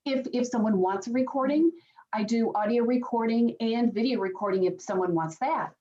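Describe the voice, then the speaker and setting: A woman's voice: a little high, moderate pace, warm tone. A woman guest on a podcast, a psychic medium, explaining her work earnestly with frequent restarts. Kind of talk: podcast interview answers. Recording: dull lo-fi sound.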